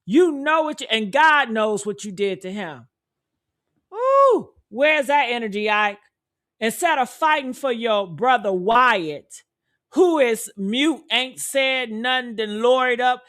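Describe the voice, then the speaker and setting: A woman delivers reaction commentary in a high voice. She talks slowly and with heavy emphasis, repeating lines and calling listeners honey and baby. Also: lively intonation, fairly bright tone. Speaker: commentary creator.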